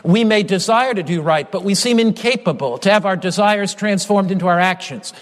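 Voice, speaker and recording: High-voiced preacher in a reverberant hall. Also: male voice. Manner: emphatic, repetitive phrasing, slows down on key lines. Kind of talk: sermon.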